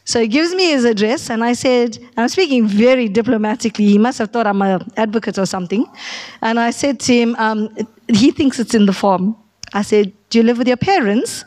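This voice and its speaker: High-voiced woman preaching. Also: moderate pace. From South Africa. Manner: storytelling, acts out the people she quotes. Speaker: pastor. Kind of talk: sermon with personal story.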